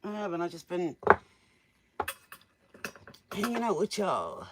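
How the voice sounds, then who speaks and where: A man's voice: sits high, huge pitch swings, slow pace, very noisy. A man doing a casual live-stream tarot reading, joking, teasing and laughing as he answers viewers' questions. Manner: jokey, teasing, laughs often. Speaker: tarot reader.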